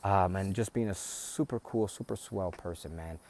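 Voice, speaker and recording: A man tells a family story in a loose, meandering way, often circling back and restarting his sentences. His voice sits fairly low. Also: moderate pace, a little mellow. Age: adult, a father. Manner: rambling, conversational, many fillers and restarts. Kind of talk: personal tribute story.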